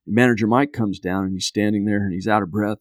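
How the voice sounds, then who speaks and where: A man's voice: lowish voice, fast talker, no echo, studio quality. A man in his fifties, a podcast guest, casually telling a long story and acting out other people's lines. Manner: animated storyteller who acts out quotes.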